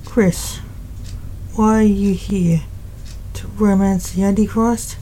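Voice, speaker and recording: A woman's voice: medium pitch, fairly even intonation, takes it slowly, mellow, slight background noise, lightly acted, low-quality recording. A woman voicing a stern, proud grandfather who speaks in a curt, irritated way.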